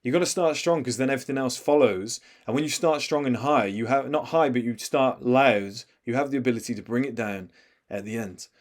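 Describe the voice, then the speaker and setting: An emphatic man coaching viewers on how to speak with presence. He breaks down video clips and acts out short examples along the way. His pitch sits in an ordinary middle range. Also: fairly quick. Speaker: body language coach. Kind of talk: commentary over video clips.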